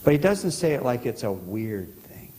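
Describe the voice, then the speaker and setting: Here the preacher's medium-pitched voice has a sing-song, somewhat mellow quality, captured with poor audio in a large hall. He rambles through sermon anecdotes in a church sanctuary, stopping and restarting, repeating himself, and quizzing the congregation.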